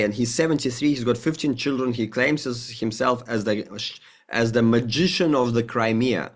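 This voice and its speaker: A man of ordinary pitch talks in a loose, rambling way as an interview guest, piling up restarts and casual swearing. He slips into quick acted-out exchanges, pushing his voice up for the other characters. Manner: rambling and emphatic, with frequent profanity; acts out dialogue with a jumpy, higher voice. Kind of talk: conversational interview, spiritual talk.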